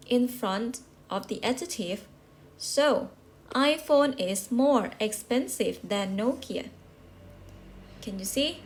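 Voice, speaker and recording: Slow, patient woman teaching English. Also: on the high side. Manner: patient, repeats and checks with rhetorical questions. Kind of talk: slow classroom explanation.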